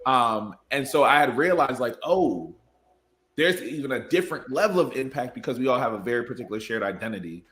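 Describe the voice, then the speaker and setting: A man's voice: medium pitch, animated, fairly quick, a bit bright. A man in his twenties, an educator and podcast guest, talking in an earnest, reflective way and laughing easily. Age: 20s. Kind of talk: casual conversation.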